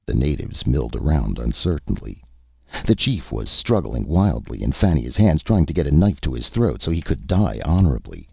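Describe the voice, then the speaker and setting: A man reading a science fiction story aloud as narrator, steady and measured, in a dry, lo-fi recording. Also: extremely low pitch, vocal fry, husky, dry recording.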